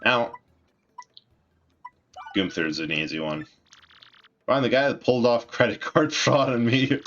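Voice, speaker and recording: A man's voice: mid-range voice, animated, a little slow, a bit bright, a little hiss or hum. A man doing casual, laid-back gameplay commentary as a streamer, rambling and self-deprecating. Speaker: let's play streamer. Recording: dull lo-fi mic with faint game music.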